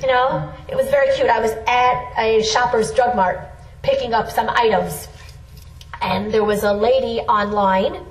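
A middle-aged woman giving an earnest, emphatic Torah lesson. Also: fairly high pitch. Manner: earnest, emphatic, with rising exclamations. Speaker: Torah teacher. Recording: roomy sound from a distant mic.

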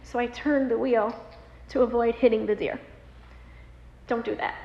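A woman in her thirties telling a personal story, animated, with many fillers. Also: a little high, moderate pace, vocal fry. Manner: animated, many fillers, acts out quoted voices. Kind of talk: personal story told aloud. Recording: roomy hall with long reverb, dull lo-fi sound, faint noise.

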